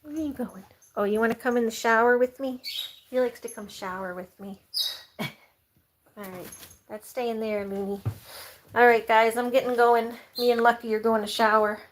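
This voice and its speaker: A woman with a fairly high voice chats casually to the camera while caring for her animals. She giggles often and coos at her pets. Her talk is loose and chatty. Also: fairly even intonation, moderate pace, long pauses, a little hiss or hum. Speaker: vlogger caring for farm animals.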